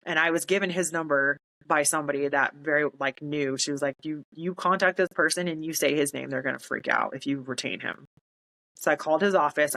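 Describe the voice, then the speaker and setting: A woman's voice: very deep voice, fairly bright tone, poor audio. A woman, a military veteran telling her story in casual talk, acting out quoted voices and laughing in disbelief.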